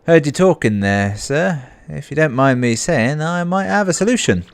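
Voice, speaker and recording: A man voicing an eager, gruff old-salt sailor who talks rough and calls people sir. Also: a little high, animated, moderate pace, dry recording, voice pushed up.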